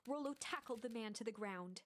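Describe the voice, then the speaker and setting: A woman streamer reading a visual novel aloud in hushed, whispered narration. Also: fairly high pitch, a little fast, slight background noise. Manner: hushed, breathy storytelling. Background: music.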